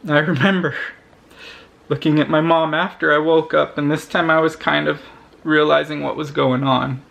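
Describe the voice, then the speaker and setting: A young man speaks to camera in a personal vlog. His voice sits a little high and has a gravelly fry. He talks earnestly and haltingly, often breaking off and restarting his sentences. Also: fairly even intonation, a bit bright. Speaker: vlogger.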